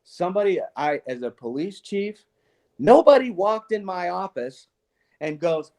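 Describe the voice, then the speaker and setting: At a measured pace and in a high voice, the retired police chief, an older man, tells casual conversational stories about leadership and parenting. He stays earnest but animated, laughing a lot and restarting his sentences.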